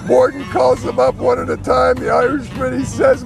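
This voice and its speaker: A man telling a string of dirty jokes in a deadpan talk-show manner, rattling through the punchlines. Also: very high voice, brisk, creaky, few pauses, over music.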